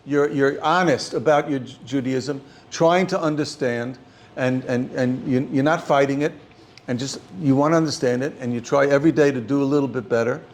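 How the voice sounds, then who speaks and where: An older man, teaching an informal class as a rabbi, halting and repeating words as he speaks. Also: mid-range voice. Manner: halting, repeats words often, animated when stressing points. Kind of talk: informal Torah class talk.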